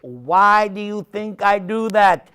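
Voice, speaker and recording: Slow-talking man telling jokey stories. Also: sits high, clean tone. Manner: humorous, animated storytelling. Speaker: speaker answering questions. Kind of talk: casual talk to an audience.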